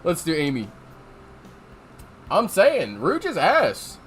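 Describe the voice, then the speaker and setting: High, lively man joking through a game. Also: slow pace, a little hiss or hum. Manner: joking, swears, breaks into character voices. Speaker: game player voicing characters. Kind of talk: casual game voice-acting playthrough.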